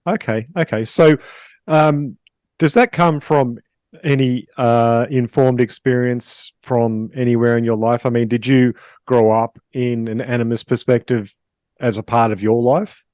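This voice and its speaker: Male podcast host, mid-pitched, chatty and easygoing, dry close sound. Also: unhurried, dry recording. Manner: relaxed, chatty, with fillers. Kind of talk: casual podcast interview.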